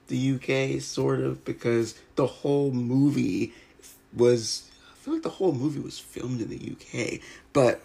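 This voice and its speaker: An American man hosting a casual podcast chat. His voice is gravelly and husky. He rambles, restarts his sentences and fills the gaps with "you know". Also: medium pitch, a little mellow. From United States. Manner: rambling, lots of fillers and restarts. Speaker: podcast host. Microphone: remote video call.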